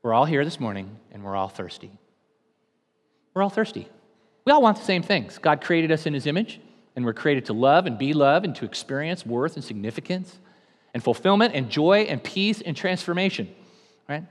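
Pastor, male, fairly high voice, dynamic sermon delivery, hushed to loud, long church-hall reverb. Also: very animated, moderate pace. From California.

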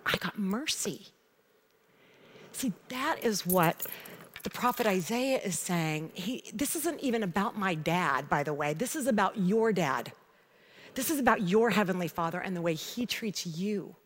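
A middle-aged woman giving a devotional teaching, telling a personal story in a chatty, animated way. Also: medium pitch. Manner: conversational storytelling, animated retelling. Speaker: Bible teacher.

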